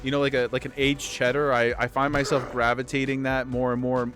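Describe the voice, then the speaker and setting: A man's voice: mid-range voice, monotone, brisk, over music. A man livestreaming a game, chatting casually with his viewers in a rambling way and often restarting his sentences. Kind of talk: casual chat with viewers while gaming.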